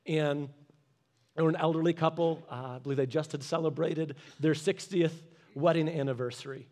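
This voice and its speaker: A man's voice: on the high side, fairly even intonation, moderate pace, a little mellow. A man preaching a sermon as a pastor, weaving in a personal story and urging listeners with short repeated commands.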